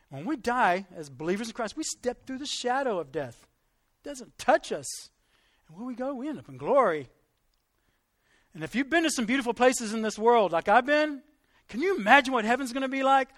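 High-voiced older man preaching a sermon. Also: expressive, normal speed. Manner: earnest, builds to fervent emphasis.

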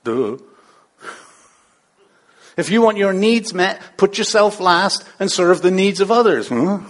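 A man's voice: high voice, fairly even intonation, moderate pace. A man preaching a sermon in a playful, conversational way, full of rhetorical questions. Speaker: pastor.

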